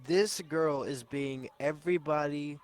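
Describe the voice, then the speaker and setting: A man co-hosting a podcast, excitedly recalling favorite movie scenes, often stumbling over his first words. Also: fairly high pitch, a little slow. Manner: enthusiastic, stammering restarts, swearing. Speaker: podcast co-host. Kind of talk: casual movie review chat.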